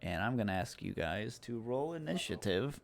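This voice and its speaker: A man running a tabletop game as game master, walking players through the rules with patient explanations. His voice rises and falls in a lively way as he narrates what the players see. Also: fairly low pitch, normal speed, creaky, a crowd in the background.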